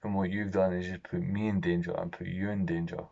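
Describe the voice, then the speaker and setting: A young man vlogging, telling a personal story in a halting, profane, emotionally raw way. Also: low-pitched, flat delivery, vocal fry, darkish tone. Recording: dull lo-fi recording.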